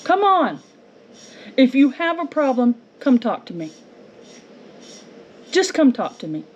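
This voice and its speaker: Her voice is high and mellow with big swings in pitch, and she speaks at a measured pace. This homestead vlogger is delivering an angry, indignant monologue aimed at a neighbor, full of confrontational rhetorical questions, at home as the yard gets mowed. The dull lo-fi recording carries faint noise.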